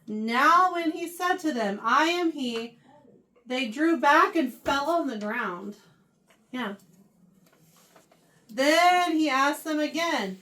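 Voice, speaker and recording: A woman teaches a youth Bible class in a church, her voice pitched high and set a little back from the microphone. She reads scripture aloud, then retells it in plain everyday words. She keeps checking in with the teens through quick questions. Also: lively intonation, bright, forceful tone. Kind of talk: casual Bible lesson to teens. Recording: voice picked up from a distance.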